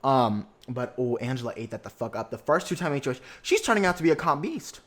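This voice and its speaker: A young man hosting a podcast, recapping a reality show in a sassy, excitable way with lots of slang and swearing. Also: mid-range voice, fast. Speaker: podcast host.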